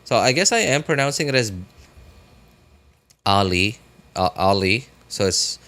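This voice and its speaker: A man's voice: lowish voice, expressive, unhurried, pushed and bright. Rambling young man streaming a game. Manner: rambling, filler-heavy, chats with viewers. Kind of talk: casual live-stream chat.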